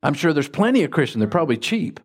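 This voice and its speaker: A man's voice: fast talker, husky. Folksy storytelling pastor, man. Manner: folksy, animated anecdotes with sudden pitch jumps. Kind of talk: sermon with storytelling.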